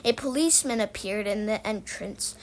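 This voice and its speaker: A woman reading a children's book aloud, lively and voicing the sound effects. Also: medium pitch, normal speed, poor audio. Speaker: reader.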